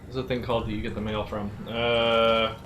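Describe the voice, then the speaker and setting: A man streaming a game live, chatting casually and thinking aloud in halting bits as he plays. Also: fairly low pitch, little pitch movement, fairly bright tone, slight background noise.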